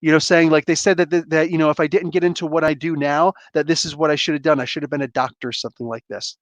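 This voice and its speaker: A man's voice: fairly high pitch, fairly even intonation, fast, no room sound, close to an everyday voice. A man imitating a boastful male politician who rambles about how smart he is. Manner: bragging, rambling.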